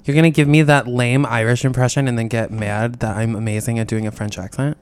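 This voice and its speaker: A man's voice: mid-range voice, fairly even intonation, brisk, clear, resonant tone. A man co-hosting a podcast, trading sassy, sarcastic banter in casual chat. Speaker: podcast co-host.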